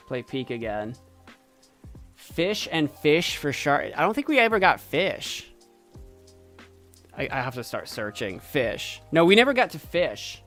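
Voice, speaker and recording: A man streaming a game, chatting playfully and excitedly as he thinks aloud. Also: medium pitch. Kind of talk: casual gameplay commentary.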